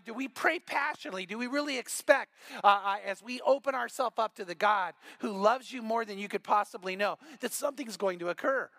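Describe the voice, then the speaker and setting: A male pastor preaching a sermon, telling stories with lively acted-out quotes. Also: extremely high pitch, no echo. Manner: animated storytelling with acted quotes. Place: church.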